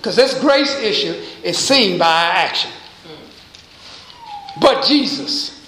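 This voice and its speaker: A man preaching a sermon as pastor, pausing to quiz his congregation with call-and-response questions. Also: sits high, lively intonation, bright, forceful tone, reverberant, low-quality recording. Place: church.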